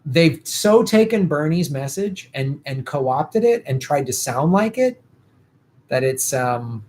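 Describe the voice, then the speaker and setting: A man's voice: medium pitch, animated, measured pace, darkish tone. A male host chatting casually on a political livestream, rambling and swearing, tired and losing his voice.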